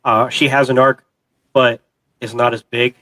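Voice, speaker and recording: A man's voice: medium pitch, flat delivery, unhurried, bright, forceful tone, no room sound, low-quality recording. A man co-hosting a casual movie review chat, rambling with many fillers and restarts. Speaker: co-host of a pop culture show.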